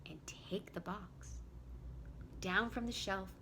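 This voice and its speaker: A woman voicing a fretful, earnest male toad from a picture book, speaking in a worried, pleading way and sometimes dropping to a hush. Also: medium pitch, slow, a little hiss or hum. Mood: sneaky.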